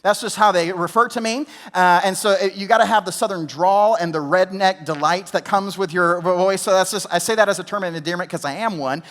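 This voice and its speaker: A man's voice: sits high, fairly quick, hardly any pauses, fairly bright tone. A young adult male pastor preaching a conversational sermon, with rhetorical questions and frequent restarts. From Georgia, US.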